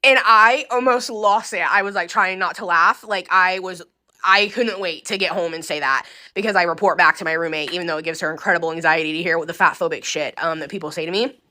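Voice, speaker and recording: Woman vlogger with a lowish, bright voice telling frank, unpolished stories straight to camera. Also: fairly quick. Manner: candid, swears freely, many ums. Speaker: hospice volunteer telling stories. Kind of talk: casual storytelling to camera.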